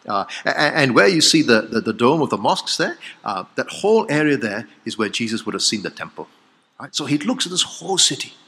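A man preaching a sermon, swinging from loud exclamations to hushed, solemn lines. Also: mid-range voice. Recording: long hall reverb.

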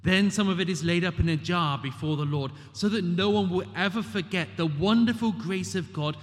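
A man with a fairly high voice delivers an emphatic sermon in a church, posing rhetorical questions and voicing scripture with dramatic lifts. His words ring out with a long hall reverb behind them. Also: moderate pace. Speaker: preacher.

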